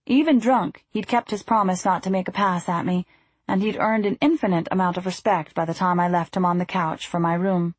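A woman giving first-person audiobook narration in an even storytelling manner. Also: fairly low pitch, a little fast, slightly rough, no room sound.

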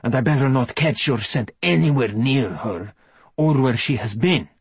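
A man's voice: mid-range voice, steady tone, slow pace, gravelly, a bit bright, husky, no echo, exaggerated voice. A man voicing a protective male werewolf who speaks with cool, firm command.

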